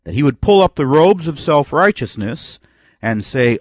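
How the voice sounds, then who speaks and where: Male preacher, sermon delivery, animated pitch, dry close sound, reads scripture and voices imagined replies. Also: normal speed, dry recording. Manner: reads scripture in old King James wording, acts out imagined replies.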